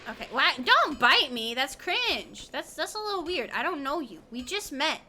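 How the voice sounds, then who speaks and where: Bright, high-pitched chatty woman gamer. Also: big pitch swings, normal speed, a little hiss or hum. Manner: rambling, giggly, talks to chat while playing. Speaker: streamer. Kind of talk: casual gaming stream chat.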